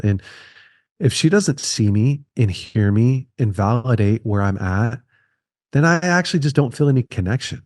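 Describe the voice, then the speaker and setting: A man's voice: medium pitch, lively intonation, moderate pace, darkish tone, dry recording, studio quality. A man in his thirties, a podcast guest speaking earnestly and repeating key phrases for emphasis. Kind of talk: conversational podcast interview.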